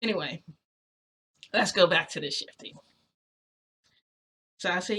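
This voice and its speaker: A woman's voice: fairly low pitch, a little slow, long pauses, sharp tone, a little hiss or hum. Woman, casual storytelling vlog, rambling, filler-heavy, earnest, a bit agitated. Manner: rambling, many fillers and restarts. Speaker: vlogger telling a story.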